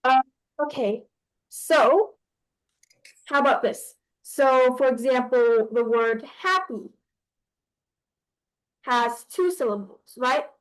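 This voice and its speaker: A woman teaching a class about poetry, explaining hesitantly with frequent pauses and restarts. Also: high-pitched, low-quality recording.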